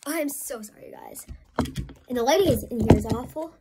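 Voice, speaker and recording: A woman's voice: fairly high pitch, wildly swooping pitch, brisk, gravelly, heavy background noise. A woman chatting casually through a messy home crafting vlog, flustered and apologetic as things go wrong. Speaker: vlogger. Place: home, indoors at a work table.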